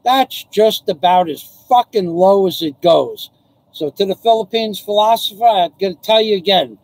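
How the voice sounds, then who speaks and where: High-voiced man ranting on a live stream. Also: normal speed, darkish tone, no echo, low-quality recording. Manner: profane, ranting, laughs often. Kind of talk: casual live stream chat. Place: home in the Philippines.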